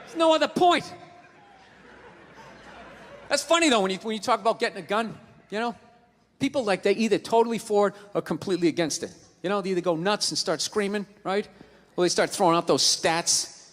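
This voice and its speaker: High-pitched ranting male comedian. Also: brisk, pauses often. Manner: ranting, profane, loud bursts. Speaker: stand-up comedian. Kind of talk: stand-up routine. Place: live comedy venue before an audience. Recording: live hall reverb with audience.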